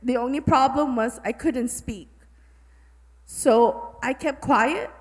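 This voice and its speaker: A woman's voice: high voice, slow, husky. A woman from Guam who teaches middle school, speaking from the audience in a heartfelt, apologetic way. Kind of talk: audience remarks at a symposium. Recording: long hall reverb.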